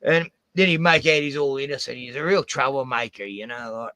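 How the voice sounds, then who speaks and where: A man with an Australian accent, hosting and telling rough stories in casual chat, swearing a lot. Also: mid-range voice, normal speed, no room sound. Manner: swears heavily, animated rants. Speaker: host. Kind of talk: profane casual storytelling.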